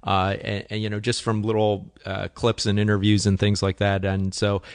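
Low-voiced male interviewer, dry sound. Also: monotone, moderate pace, clear, resonant tone, no echo. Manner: friendly, hesitant questions with fillers. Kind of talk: interview questions.

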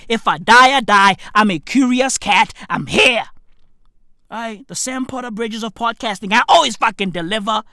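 A woman from Africa hosting a podcast in a profane comedic rant, slangy and excitable, swearing and laughing often, jumping from loud highs to low mutters. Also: normal speed, no room sound, studio quality. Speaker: podcast host.

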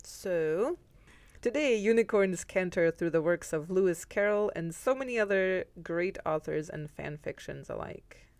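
A woman's voice: on the low side, animated, a little mellow, dry recording. A young woman co-hosting a podcast, reading her researched notes with frequent fillers, restarts and laughs. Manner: halting, many fillers and restarts, giggly. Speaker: podcast co-host. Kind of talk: casual chat presenting researched notes.

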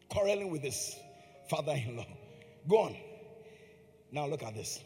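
A man's voice: on the high side, big pitch swings, moderate pace, vocal fry, long pauses, darkish tone, big-room sound, faint music behind. A man preaching a sermon with emphasis. He repeats phrases and puts questions to his listeners.

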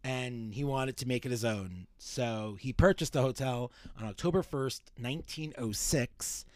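A man's voice: mid-range voice, unhurried, a little mellow, dry recording. A man co-hosting a casual podcast, telling a history story in a chatty, joking way. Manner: chatty, jokey, self-deprecating narrator. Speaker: podcast co-host.

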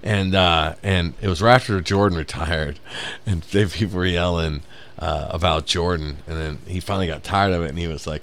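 A man's voice: low voice, steady tone, brisk, a bit bright. A man casually telling a rambling, profane story on a podcast, laughing as he goes. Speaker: podcast host.

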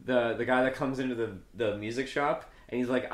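A man co-hosting a casual comedy podcast, retelling sketches with lively acted-out voices. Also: brisk, echoey room. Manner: animated storyteller, acts out characters in high voices. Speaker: podcast co-host.

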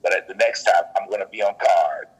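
A man's voice: low voice, fairly quick, slightly rough, poor audio. A man in casual faith talk, earnest and preachy, often repeating his words as he goes.

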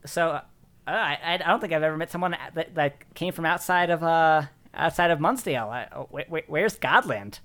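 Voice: medium pitch, normal speed, fairly bright tone, close to an everyday voice. A game master voicing a naive, curious young man from a small town, who asks hesitant, stammering questions.

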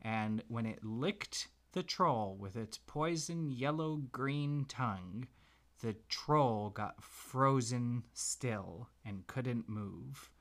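A man gently making up a bedtime story for his child, pausing as he thinks of what comes next. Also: medium pitch, expressive. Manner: gentle, unhurried, makes the tale up as he goes. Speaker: parent telling a story.

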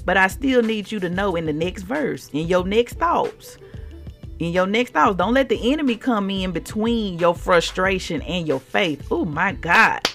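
Animated woman with a gravelly, lively voice. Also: medium pitch, measured pace, faint music behind. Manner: animated, expressive, acts out quotes. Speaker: podcast host. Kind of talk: devotional faith podcast talk.

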